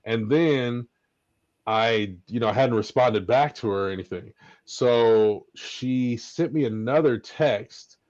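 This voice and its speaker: A middle-aged man co-hosting a podcast, telling a story in a casual, lively way and acting out what people said. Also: medium pitch, slow, no room sound. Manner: lively, animated storyteller who acts out quotes. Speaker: podcast co-host. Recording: slightly dull lo-fi audio, dry.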